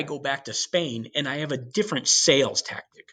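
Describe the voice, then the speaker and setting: Animated male history teacher telling a story. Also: medium pitch, normal speed, few pauses. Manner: animated storytelling, acts out characters, casual asides. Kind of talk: classroom history lecture.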